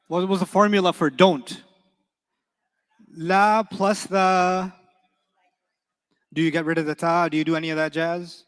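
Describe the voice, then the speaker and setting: High-voiced man teaching in a hall. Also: steady tone, smooth. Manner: quizzing students with quick rhetorical questions; playful and teasing. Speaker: Arabic teacher. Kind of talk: classroom grammar lesson. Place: classroom with students.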